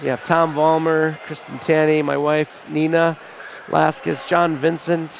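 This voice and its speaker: A man in his forties calling a live high school basketball game with a stuffed-up nose, fond and folksy. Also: little pitch movement, a little slow, gravelly. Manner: fond, folksy, often near tears. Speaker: play-by-play announcer. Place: school gymnasium, in the stands. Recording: gym crowd noise behind the voice.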